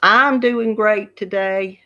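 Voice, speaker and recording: A woman's voice: medium pitch, steady tone, slow, pushed and bright, highs cut off. A grandmother in her fifties with a Southern US accent, chatting casually to viewers in a home live stream and laughing often. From Georgia, USA. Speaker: YouTube craft channel host.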